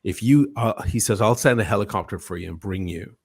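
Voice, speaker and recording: A man's voice: on the low side, fairly quick, slightly rough. A man hosting a watch channel, telling a casual, profane anecdote on a live stream and acting out the quotes of the people in it.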